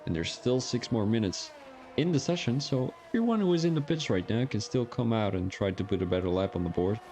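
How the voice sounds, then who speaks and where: A man's voice: mid-range voice, animated, brisk, a little mellow, slight background noise. Young man commentating a sim race. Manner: casual, joking, chats with viewers while commentating. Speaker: sim racing stream commentator. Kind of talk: live stream commentary.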